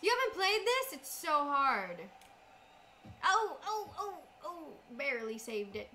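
A young woman co-hosting a casual livestream, bubbly and animated as she reacts to a game. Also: high voice, unhurried, a little hiss or hum. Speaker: livestream co-host.

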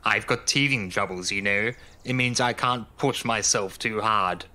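A man's voice: lowish voice, a little slow, sharp tone. Storybook figure: a man voicing a timid young diesel engine, fretful and hesitant. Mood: worried. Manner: worried, hesitant.

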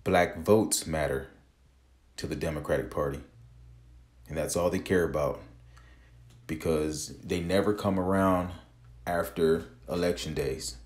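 A man's voice: low-pitched, steady tone, unhurried, pauses often. A man in his forties from the United States, a vlogger giving a blunt, profane, impassioned opinion rant to camera.

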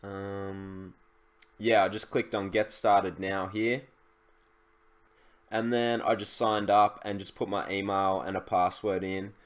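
Chatty young man, fairly low. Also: flat delivery, slow. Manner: chatty, loose, with many fillers and restarts. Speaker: e-commerce YouTuber. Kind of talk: casual screen-share tutorial.

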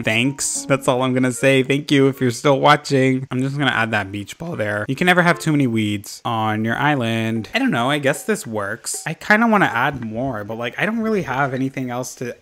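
Man, gaming vlog host, rambling casual chat, mid-pitched, casual swearing, faint game music behind. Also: fairly bright tone. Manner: rambling, chatty, swears casually, self-deprecating.

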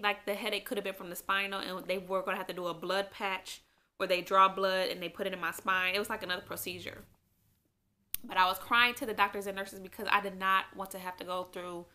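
A young woman with a mid-range, sharp-toned voice tells her own story in a casual sit-down vlog. She rambles with lots of fillers and grows emotional at times, her eyes welling up.

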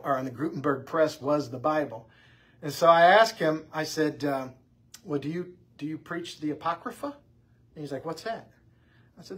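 A man's voice: a little high, husky. A man teaching an informal church Bible class, conversational and full of anecdotes. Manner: conversational, anecdotal, lively delivery.

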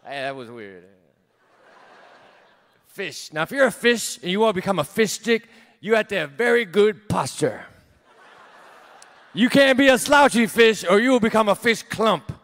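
Man, 30s, high-pitched voice. Deadpan stand-up comic, mumbles off and chuckles at his own lines, live theater. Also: moderate pace. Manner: deadpan one-liners, trailing off and laughing at himself. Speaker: stand-up comedian. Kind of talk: stand-up set. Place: large theater stage, live audience.

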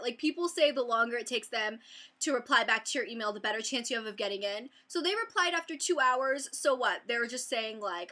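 A woman's voice: fairly high pitch, a little fast, bright, forceful tone. A young woman chatting to camera in a casual vlog, bubbly and rambling with lots of fillers. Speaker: beauty vlogger.

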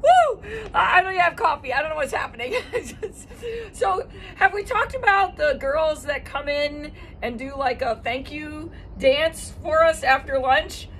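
A woman's voice: sits high, a little slow, a bit bright. A middle-aged woman, a school lunch lady, giving casual morning announcements in a chatty, giggly way, laughing often. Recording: distant mic with faint ambient noise.

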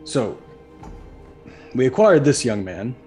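A man voicing a calm, dry-witted character who asks measured questions. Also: mid-range voice. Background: faint background music.

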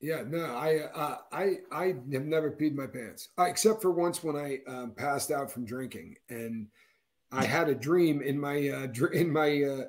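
Man in his fifties, animated storyteller, fairly high voice, casual co-host chat. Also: normal speed. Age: 50s. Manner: animated storyteller, acts out quotes with big pitch jumps.

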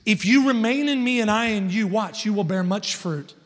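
A man in his thirties preaching a sermon as a guest speaker, telling a family story and building to loud, emphatic points. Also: sits high, animated, moderate pace. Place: large church hall. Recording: long church hall reverb.

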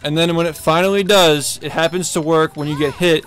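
Furious high-voiced swearing man. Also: steady tone, fairly quick, a bit bright. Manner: furious, heavy swearing, repeating himself. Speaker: speedrunner streamer. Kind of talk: angry rant while live-streaming a game.

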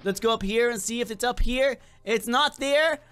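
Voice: mid-range voice, moderate pace, a bit bright, clean tone. A gaming video creator with a slight accent and a lingering cold, giving playful, chatty gameplay commentary straight to viewers.

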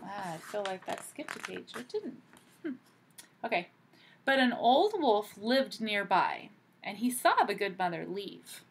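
A woman teacher reading a picture book aloud to children, pausing gently to ask them questions. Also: mid-range voice, sing-song, gravelly, a little hiss or hum.

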